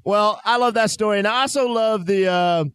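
Guy with a higher voice cracking jokes on a podcast chat. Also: fairly bright tone, clean tone, dry recording. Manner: joking, quick asides. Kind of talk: casual chat.

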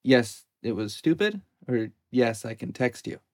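A woman's voice: a bass voice, sing-song, voice pushed down, heavily acted. Woman voicing awkward, flirty college jock. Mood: flustered. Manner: halting, stammering, hushed. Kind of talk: dramatized audio fiction.

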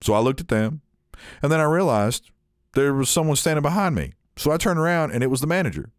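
A man co-hosting a podcast, telling a rambling, animated anecdote in casual chat and imitating the people in it. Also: fairly high pitch, quick pace, no room sound, studio quality. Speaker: podcast co-host.

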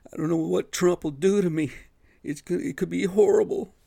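A man putting on the high, breathy whimper of a cowering male politician. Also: moderate pace, dark tone, no room sound. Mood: mock fear.

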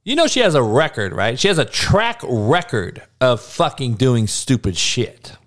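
With big swings in his mid-range voice, a man hosts a live podcast, ranting bluntly and swearing throughout. He repeats lines for emphasis and calls out listeners by name, speaking a little slowly with a slightly bright tone.

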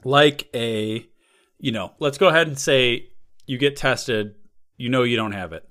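A man's voice: mid-range voice, unhurried, fairly bright tone. A man co-hosting a podcast in casual comedic chat, riffing on ideas and laughing often. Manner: playful, laughs often, riffs on bits. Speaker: podcast co-host.

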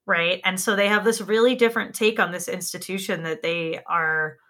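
Bright-voiced chatty woman podcaster. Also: on the low side, normal speed. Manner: chatty, animated, heavy on filler words. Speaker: podcast co-host. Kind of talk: casual chat.

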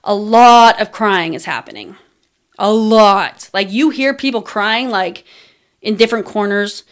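A woman's voice: mid-range voice, lively intonation, a little slow. A woman hosting a podcast, telling a personal story in casual chat, candid and swearing freely with lots of fillers. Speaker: podcast host.

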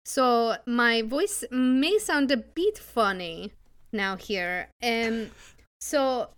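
A woman's voice: on the high side, animated, drawn-out words, a bit bright, smooth, full character voice. A woman voicing a brash, boastful female butcher with a put-on Australian-style accent and bold slang. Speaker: player.

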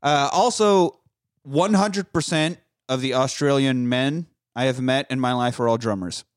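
An unhurried man living in Austin recaps a movie for a friend in a medium-pitched, clean-toned voice. Rambling and swearing freely, he keeps breaking into quoted lines in silly voices, recorded in clean studio sound with no echo.

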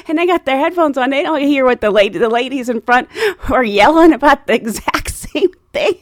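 A woman telling a story about her work as a flight attendant in a casual way, laughing often and acting out passengers in loud, high voices. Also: normal speed, no echo, studio quality.

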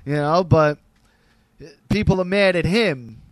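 A man with a somewhat high voice chats casually, animated and blunt, retelling stories with plenty of profanity. The sound is dry and close, with no room around him. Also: takes it slowly, no echo. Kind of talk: casual podcast chat.

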